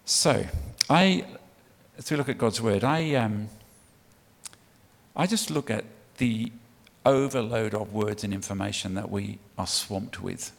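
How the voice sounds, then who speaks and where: A man preaching to his church, his voice low and gravelly. He talks in a punchy, conversational way and coaxes the congregation to call back to him. His words ring out with the long reverb of a big hall. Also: a little slow. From United Kingdom. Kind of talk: sermon.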